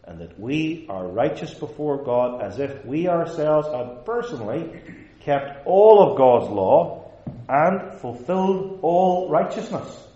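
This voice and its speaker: A pastor preaches a sermon in a church sanctuary, his voice on the high side, mellow and slow, with big swings in pitch. He's emphatic, building his points through rhetorical repetition, and the recording is roomy, dull and lo-fi.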